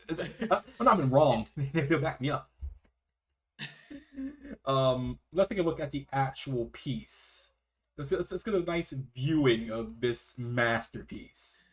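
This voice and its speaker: A man's voice: medium pitch, slow. A man co-hosting a casual art history chat, reading aloud with restarts and swearing. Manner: animated, swears, trails off mid-sentence.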